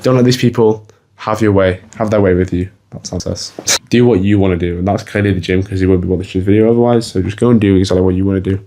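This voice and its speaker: A man's voice: deep voice, steady tone, fast talker, warm tone, a little hiss or hum. A young man gives blunt, casual fitness advice to the camera, swearing freely and calling the viewer bro. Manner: blunt, swears a lot, says bro often. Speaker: fitness vlogger. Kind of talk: casual motivational talk to camera.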